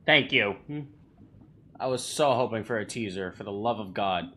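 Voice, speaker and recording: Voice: medium pitch, expressive, normal speed, bright, forceful tone, slight background noise. A game streamer giving casual live-stream commentary, ranting in a profane and exasperated way. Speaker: streamer reacting to a game broadcast.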